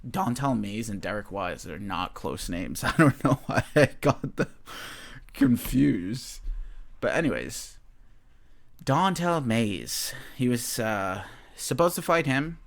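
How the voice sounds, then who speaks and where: A man's voice: medium pitch, sing-song, slow, creaky. A young man hosting a casual chat about fight picks, rambling, swearing freely and often breaking into laughter. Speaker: host. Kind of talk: casual sports betting chat.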